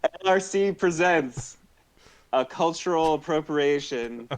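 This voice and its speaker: A man's voice: on the high side, slow pace, a little hiss or hum. A man co-hosting a casual chat show, rambling through his thoughts with many fillers and easy laughter. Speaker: co-host.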